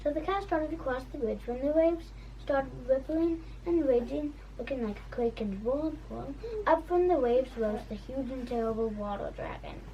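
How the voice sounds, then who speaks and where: A woman narrating a fairy tale for a puppet show, reading haltingly and restarting words. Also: high voice, warm tone, highs cut off, a little hiss or hum. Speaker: storyteller.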